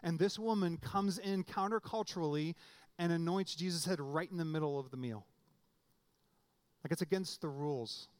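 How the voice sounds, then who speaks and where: Man preaching a lively, conversational sermon. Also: on the high side, normal speed. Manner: conversational preaching with restarts and sudden emphatic rises. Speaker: pastor.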